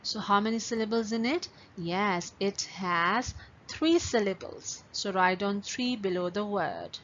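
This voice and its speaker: A woman's voice: medium pitch, measured pace, fairly bright tone. A woman teaching a class of young pupils, patiently stretching out words syllable by syllable and giving step-by-step instructions. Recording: dull lo-fi recording with faint ambient noise.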